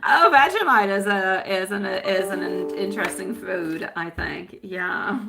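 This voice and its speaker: A woman's voice: mid-range voice, vocal fry, fairly bright tone. A woman reading tarot on a live stream, chatting with viewers and calling them sweetie and my love. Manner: chatty, rambling with fillers. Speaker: tarot reader.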